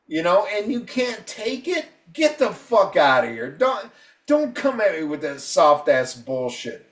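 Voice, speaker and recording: Profane ranting man, high voice, echoey room. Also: recorded from a distance. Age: 50s. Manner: profane, combative, heated ranting. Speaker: podcast co-host. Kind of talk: casual podcast rant.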